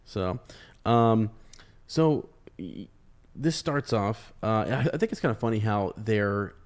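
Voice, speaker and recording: A man's voice: lowish voice, lively intonation, slow. A man co-hosting a book podcast in casual chat, easygoing, laughing often and repeating words as he thinks. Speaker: podcast co-host.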